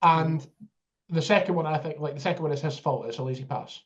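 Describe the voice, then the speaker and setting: A man's voice: fairly high pitch, fairly quick, dull audio. A man co-hosting a casual football podcast, teasing and sarcastic in his remarks. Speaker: podcast co-host.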